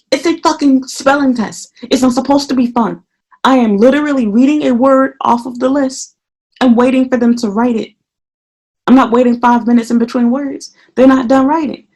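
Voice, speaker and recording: A woman vlogging casually, venting heatedly about her work as a teacher and swearing freely, her voice a little hoarse. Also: fairly high pitch, darkish tone. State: slightly hoarse. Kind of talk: casual ranting vlog.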